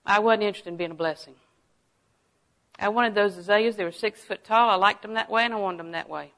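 A middle-aged woman delivers a folksy sermon full of personal stories. She talks in an animated way, laughing often and dropping her voice to a hush for asides. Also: medium pitch, brisk, rough recording. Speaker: preacher.

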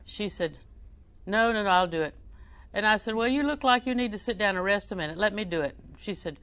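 A woman's voice: medium pitch, quick pace, a bit bright. A woman preaching a sermon, reading scripture aloud and telling folksy family stories.

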